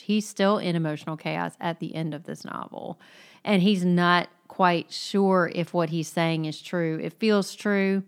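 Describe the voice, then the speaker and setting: A woman's voice: on the low side, creaky, clean tone. A woman co-hosting a casual book discussion, thoughtful, laughing often and trailing off mid-thought.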